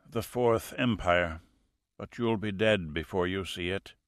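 A man voicing a cold, fanatical male assassin with a faint European accent, speaking quietly and slowly as he fades. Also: low voice, dry recording, clean studio sound. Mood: cold, fading. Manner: quiet, hushed and slow, fading breath.

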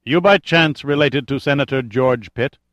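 A man voicing a silky, controlled male terrorist leader who makes quiet threats. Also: medium pitch, moderate pace, no echo, voice pushed up, lightly acted. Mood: smooth probing.

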